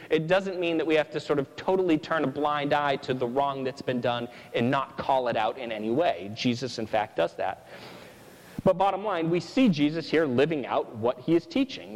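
Earnest preacher man in a reverberant room. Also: medium pitch. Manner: earnest, repeats "right?" often. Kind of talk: sermon.

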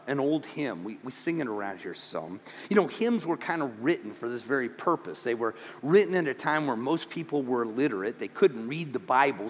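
A man's voice: on the high side, a bit bright, long reverb tail. A man preaching a sermon as pastor, stammering into restarts and building to fervent emphasis.

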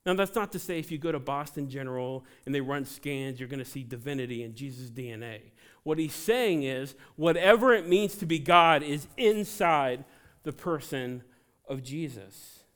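A man preaching a sermon to a congregation, animated, with joking asides between scripture readings. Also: mid-range voice, moderate pace. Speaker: pastor.

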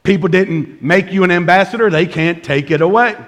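Lively high-voiced preacher man. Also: moderate pace. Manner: animated storyteller, shouts and laughs through the punchlines. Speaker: pastor. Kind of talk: sermon with comic storytelling.

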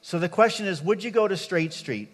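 A man's voice: sits high, expressive, fairly quick, faint music behind. A man preaching a sermon as pastor, telling a personal story in a conversational way with asides to the congregation. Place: church sanctuary. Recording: long hall reverb.

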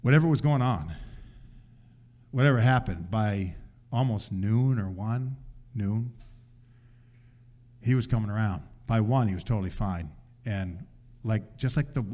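An older man preaching, telling a family story in an animated way and acting out voices. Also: lowish voice, normal speed, pauses often. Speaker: pastor. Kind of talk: sermon storytelling.

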